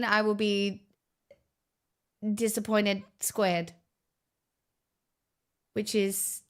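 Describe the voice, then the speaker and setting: A woman's voice: medium pitch, smooth. A woman streamer chatting live with her viewers in a dry, teasing way.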